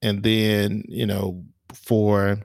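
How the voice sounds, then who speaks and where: Relaxed low-voiced man telling stories. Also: very slow, creaky, no room sound, studio quality. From small town in the US. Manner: relaxed storytelling, many fillers and restarts. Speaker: podcast co-host. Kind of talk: casual chat.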